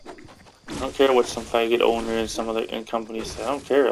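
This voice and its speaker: A man's voice: mid-range voice, flat delivery, fairly quick, vocal fry, a little hiss or hum, rough recording. A man vlogging a crude, dismissive rant to camera, laughing at his targets. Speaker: gaming and wrestling vlogger.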